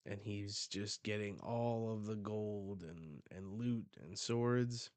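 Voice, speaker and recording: Slow, low-voiced man reacting casually. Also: fairly even intonation, a little mellow, no echo. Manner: reads panels aloud with quick remarks. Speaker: manga reaction host. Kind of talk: casual live reading reaction.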